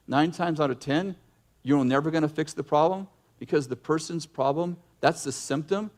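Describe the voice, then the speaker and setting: A middle-aged male pastor preaching a sermon in an animated way, breaking into acted yelling now and then. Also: on the high side. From United States.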